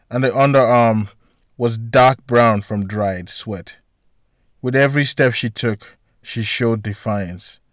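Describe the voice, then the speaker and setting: Man, narrator, storybook reading, even deliberate delivery, mid pitch, dry close recording. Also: dry recording.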